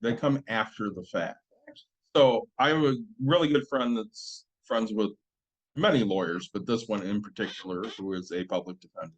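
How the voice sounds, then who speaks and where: A man's voice: on the low side, fairly bright tone, poor audio. A man co-hosting a casual podcast chat, giving short agreeing replies and plainly retelling anecdotes. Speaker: podcast co-host.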